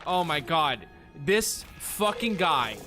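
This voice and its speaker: A man streaming a horror game, yelling and swearing in exasperation at an enemy that blocks his way, then laughing it off. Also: on the high side, sing-song, slow, music in the background. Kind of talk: casual gameplay commentary.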